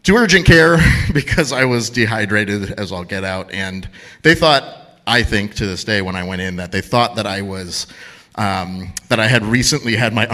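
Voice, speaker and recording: Bright, lively man telling a story. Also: mid-range voice. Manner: chatty, self-deprecating, laughs at own story. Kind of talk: live personal storytelling. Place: stage at a live storytelling event.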